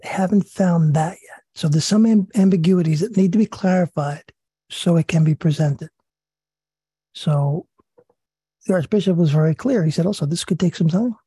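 Male study leader, raspy and mellow, earnest reading with asides, dry sound. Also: fairly high pitch, no echo. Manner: earnest, repeats himself, pauses with fillers. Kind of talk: religious study talk, reading and commenting.

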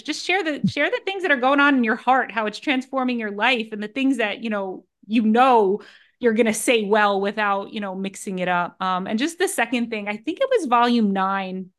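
Woman on a panel, kinda high voice, earnest, chatty advice. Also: lively intonation, brisk, a bit bright. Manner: earnest, conversational, friendly advice-giving. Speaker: discussion panelist. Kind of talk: casual discussion.

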